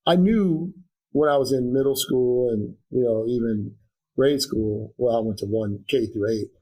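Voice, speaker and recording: Interview guest, middle-aged man, earnest and reflective, mid pitch. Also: measured pace, dark tone, slightly rough, rough recording. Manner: earnest, reflective, many restarts and fillers. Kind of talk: conversational interview.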